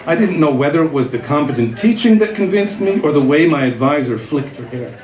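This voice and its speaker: A man's voice: a little high, animated, a little fast, noisy background. A man in his fifties reading a personal essay aloud to a live audience, with a wry, self-mocking delivery. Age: 50s. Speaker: reader. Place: festival event room with a live audience. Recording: echoey room, loud crowd laughter.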